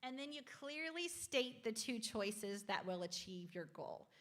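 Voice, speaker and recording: A woman's voice: a little high, animated, a little slow, a bit bright. A woman presenting a parenting class from slides, chatty and encouraging, quizzing the audience.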